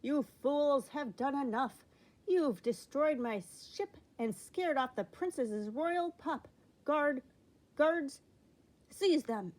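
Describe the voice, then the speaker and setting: A fussy little king wails and huffs in a shrill, high voice, as a woman puts him on. He drags out his complaints slowly, like a storybook royal in a sulk. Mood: whiny. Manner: whimpering, huffy. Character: small fussy king, whiny and tearful.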